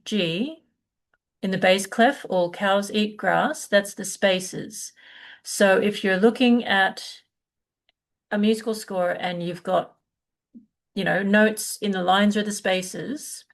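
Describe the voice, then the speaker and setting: Slow, gravelly woman teaching music. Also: mid-range voice. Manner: halting, many fillers and restarts, patient. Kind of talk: live online lesson, unscripted explanation.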